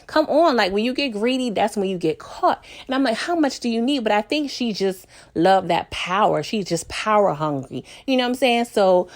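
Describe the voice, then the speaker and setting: A woman chatting casually to her viewers in an episode recap, animated and quick to laugh, leaping up in pitch as she acts out lines. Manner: animated, laughs often, jumps up in pitch when acting out lines; talks straight to viewers.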